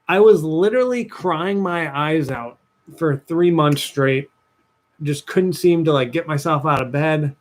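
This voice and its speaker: A young man, a dating coach talking to viewers on a livestream, telling a personal story with lively voiced-out asides. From New Jersey, USA. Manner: animated storytelling, acts out his past self in a higher voice.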